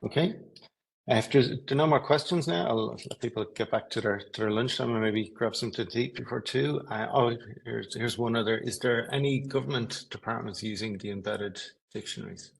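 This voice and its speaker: A man's voice: mid-range voice, a little fast, vocal fry, low-quality recording. A man with an Irish accent moderating a webinar on a video call, briefly passing on audience questions.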